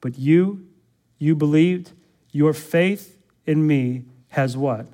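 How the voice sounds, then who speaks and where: A man's voice: a little high, slow pace, warm tone. A man pastor preaching an expository sermon, emphatic, repeating words and putting rhetorical questions to the congregation.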